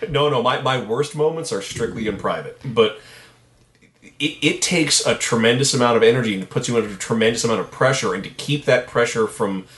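A man co-hosting a podcast in casual chat, wry, playful and measured. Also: mid-range voice, fairly bright tone. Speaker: podcast co-host. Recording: roomy echo.

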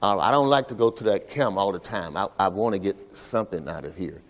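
A man's voice: deep voice, fairly quick. Man preaching with long hall reverb. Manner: call-and-response preaching, repeating "all right" to the congregation. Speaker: pastor. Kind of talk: sermon. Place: church service.

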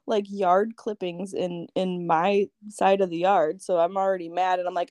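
A woman's voice: fairly low pitch, level tone, moderate pace, hardly any pauses, darkish tone, no room sound. A woman with a lilt tells a long, profane story in loose podcast chat. She jumps into other people's voices as she goes, and the sound is close and dry. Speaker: podcast guest. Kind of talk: casual storytelling.

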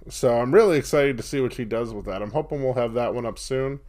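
A man's voice: medium pitch, animated, normal speed, hardly any pauses, a little mellow. A man hosting a podcast, chatting casually with loose, filler-heavy phrasing. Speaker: podcast host. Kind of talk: casual chat.

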